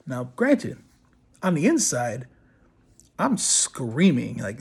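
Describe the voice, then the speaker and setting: Speaking slowly with a husky, creaky, medium-pitched voice and long pauses, a middle-aged body piercer hosting a podcast spins a casual, crude yarn. He swears freely and animatedly performs the quotes of the people involved.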